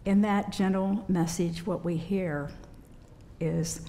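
Woman rector, lowish mellow voice, slow gentle sermon delivery, long church reverb. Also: steady tone, a little hiss or hum. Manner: gentle, unhurried preaching with pauses. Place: church sanctuary.

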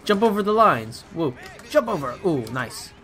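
A young man hosting casual gameplay commentary, excitable and swearing, ranting at the characters on screen. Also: a little high, moderate pace. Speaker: gaming video host.

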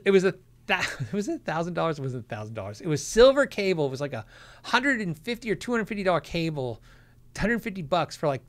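A man hosting a casual livestream Q&A, reading out viewer questions and answering them. He laughs often and acts out the people he quotes. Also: a little high.

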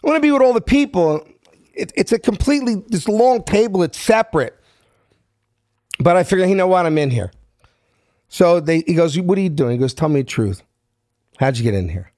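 Brief: Philadelphia-accented man in his fifties, slightly high voice, animated storyteller, dry close sound. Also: normal speed, long pauses, no room sound. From South Philadelphia. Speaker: guest. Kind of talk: storytelling in a podcast interview.

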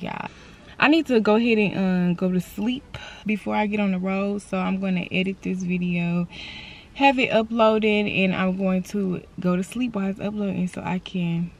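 A chatty young woman vlogging to her camera, first at home and then from a packed car. She talks loud and swears freely. She keeps calling her viewers y'all and girl. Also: on the low side. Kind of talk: casual vlog chat to camera.

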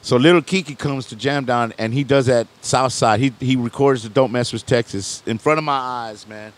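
Middle-aged man, rapper guest, mid-pitched voice, rambling slang storyteller who restarts his sentences a lot. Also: moderate pace. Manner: rambling, loose slang, frequent "you know what I'm saying", restarts and laughs. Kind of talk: casual storytelling interview.

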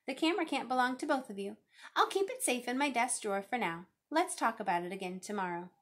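A woman voicing a calm teacher in a picture book, measured and firm. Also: a little high. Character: calm adult female teacher.

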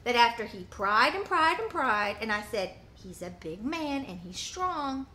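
A woman's voice: on the high side, big pitch swings, unhurried, bright, forceful tone, slight background noise. A woman vlogger telling an indignant story, acting out both sides of a phone call. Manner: indignant, re-enacts phone conversations. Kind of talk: animated storytelling.

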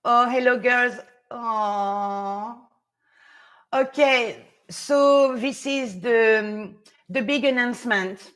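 A woman, a fashion stylist chatting casually with viewers on a live stream, excitable, nervous and laughing often. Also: a little high, extremely slow.

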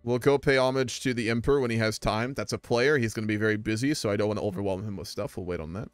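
A man's voice: on the low side, steady tone, fast, smooth, no room sound, soft background music. A young man streaming a strategy game, chatting casually with viewers and rambling with fillers. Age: young adult. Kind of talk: casual live-stream commentary.

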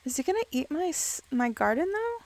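A woman giving excitable game commentary, reacting with quick exclamations and playfully scolding the characters on screen. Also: high voice, no room sound. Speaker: let's play gamer.

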